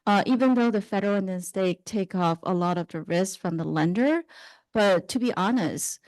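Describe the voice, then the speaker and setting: A woman's voice: mid-range voice, normal speed, a little mellow, no echo. A woman on a business panel explaining funding options to an audience, with frequent uhs and right? checks. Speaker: panel speaker for small business development center. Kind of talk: panel talk to a live audience. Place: university event room.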